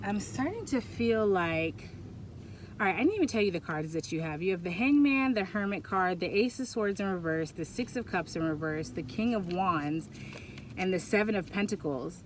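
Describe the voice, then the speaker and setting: A woman giving a pick-a-pile tarot reading, talking in a rambling, halting way that often turns emotional, recorded on a Bluetooth mic. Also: mid-range voice, animated, a little hiss or hum. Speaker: tarot reader.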